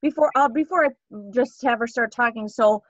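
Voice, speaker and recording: An enthusiastic woman leading a team meeting over a video call, her voice pitched a little high. She talks casually and cheers others on. The call audio is dry and a bit dull. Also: fairly quick, no echo. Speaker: team leader hosting a sales meeting.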